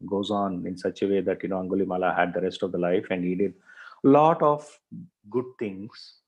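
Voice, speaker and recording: Man, lecture storytelling, lowish voice, lots of fillers. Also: normal speed, poor audio. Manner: frequent fillers, repeats words, thinks aloud. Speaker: professor.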